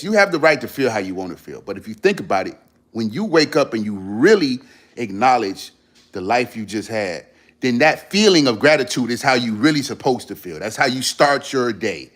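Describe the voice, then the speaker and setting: A man's voice: medium pitch, fairly bright tone. A man talks straight to his livestream viewers in a casual, slangy motivational style. His mid-range voice swings widely up and down as he presses each point, and he repeats lines for emphasis. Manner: earnest, emphatic, repeats phrases for stress. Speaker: livestream host.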